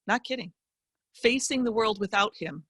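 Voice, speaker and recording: A middle-aged woman, a financial educator appearing as a guest speaker, tells a personal motivational story with emphatic, animated delivery and vivid asides. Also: a little high, moderate pace, breathy edge, no echo, studio quality.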